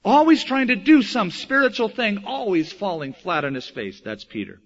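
A man preaching a sermon, telling Bible stories with animated delivery and acting out the quoted voices. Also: sits high, moderate pace, lo-fi sound. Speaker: pastor.

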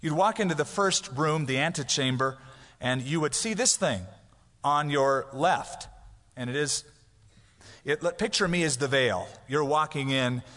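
A man preaching a sermon in a church sanctuary, his voice a little higher than most men's. He talks in a conversational, animated way, sometimes acting out prayers. A long reverb hangs in the hall around him. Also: measured pace. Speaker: pastor. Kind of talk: expository sermon.

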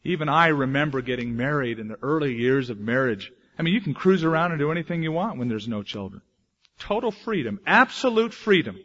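A man's voice: a little high, expressive, brisk. Emphatic male preacher, lo-fi recording. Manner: emphatic, swings between loud declaration and hushed asides. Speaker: pastor. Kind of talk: sermon.

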